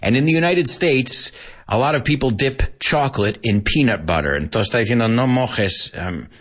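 A man's voice: medium pitch, animated, normal speed, a bit bright, husky. A man teaching English as a language lesson, explaining words in Spanish and switching back and forth between the two languages.

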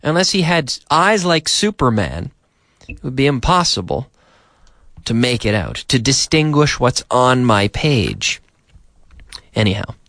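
A man's voice: medium pitch, big pitch swings, a little slow, long pauses, fairly bright tone, no room sound. A man teaching English on a radio show from a studio, often repeating and rephrasing for learners. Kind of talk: radio language lesson. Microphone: studio microphone.

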